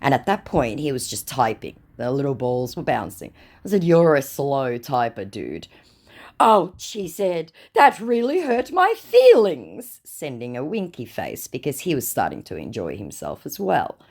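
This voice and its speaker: A woman's voice: a bass voice, very animated, moderate pace, a little mellow. A woman narrating a storytime vlog, reading out chat messages in a sarcastic, mocking way. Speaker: vlogger recounting scam chats.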